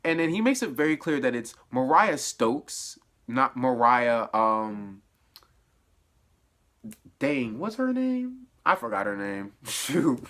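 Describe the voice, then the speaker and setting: A man casually recapping a show episode in a spoiler review, animated and laughing, his voice dropping to low mutters and then jumping up in excited bursts. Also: takes it slowly. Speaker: TV review vlogger.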